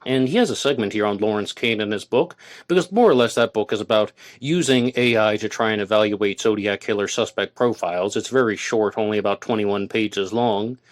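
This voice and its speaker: A man's voice: fairly low pitch, brisk, few pauses. A man hosting a solo true-crime podcast, reading passages aloud and arguing with them point by point. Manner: argumentative, reads quotes aloud and rebuts them. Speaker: podcast host.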